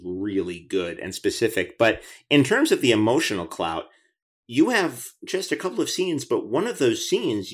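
Casting note: male podcast host, lowish voice, chatty and eager. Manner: chatty, enthusiastic, many restarts. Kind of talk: conversational interview.

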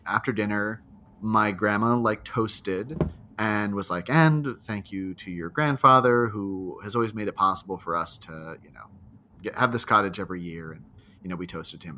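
A man's voice: on the low side, moderate pace, bright, forceful tone, slight background noise. A man co-hosting a podcast, reading a listener's spooky story aloud and chatting, laughing often. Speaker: podcast co-host.

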